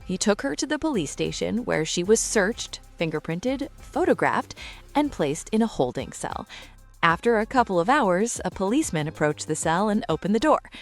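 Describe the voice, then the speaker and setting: A woman narrating clean jokes in an even, scripted storytelling way. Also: mid-range voice, moderate pace, soft background music. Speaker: joke narrator.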